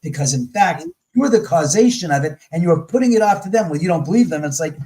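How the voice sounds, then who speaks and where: A man's voice: a little high, lively intonation, fast, warm tone, rough recording. A man talking as a guest on a talk show, telling stories in a blunt, profane way and acting out the voices of the people he quotes. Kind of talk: casual storytelling in conversation.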